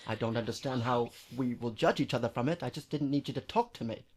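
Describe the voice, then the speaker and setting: A man's voice: mid-range voice, fast talker, darkish tone, slight background noise, pitched below the performer's own voice, lightly acted. A man voicing an ugly, easily offended wizard in an improv scene, speaking with a put-on accent in a prim, fussy manner at a games venue. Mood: peeved. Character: ugly peeved wizard with a horn on the chest.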